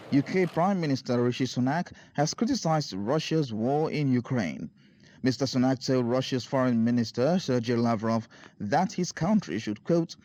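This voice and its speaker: A man reading a scripted news report voice-over in a steady, formal way. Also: medium pitch. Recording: dry, slightly dull studio voice-over.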